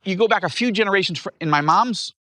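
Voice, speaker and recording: A man in his fifties from upstate New York, telling his life story as an interview guest in an animated way. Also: high-pitched, quick pace, no echo, studio quality. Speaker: guest author.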